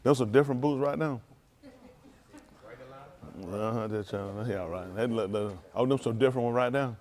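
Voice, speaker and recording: A man's voice: mid-range voice, normal speed, darkish tone. A man, a preacher bantering and joking with his congregation in a casual, folksy way. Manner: folksy, joking, calls out to the crowd.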